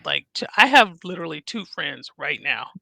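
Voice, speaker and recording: Gravelly, forceful woman in her fifties. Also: fairly low pitch, normal speed, no echo. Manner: frank, animated storyteller acting out dialogue. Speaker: podcast co-host. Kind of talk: casual chat.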